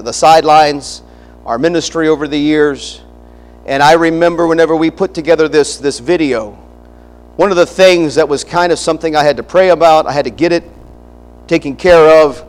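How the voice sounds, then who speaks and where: A man's voice: a little high, big-room sound, poor audio. A middle-aged man preaching a sermon, emphatic and preacherly, often restarting phrases and breaking into asides.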